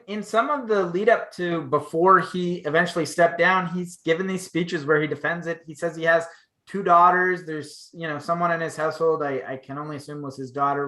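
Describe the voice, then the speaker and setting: A man co-hosting a casual chat show, halting and full of restarts, turning animated as he rants. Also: a little high, roomy sound. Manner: halting, restarts often, gets loud and animated when ranting. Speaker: podcast co-host.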